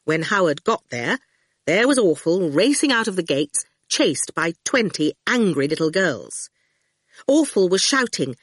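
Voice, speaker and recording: A woman narrating an audiobook in an expressive storytelling manner, close to the mic. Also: lowish voice, unhurried, no room sound.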